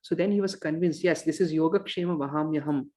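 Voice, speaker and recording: A man teaching a scripture class, telling a devotional story with pauses and fillers and acting out the characters' lines. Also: on the high side, mellow. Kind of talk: storytelling lecture. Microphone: online course recording.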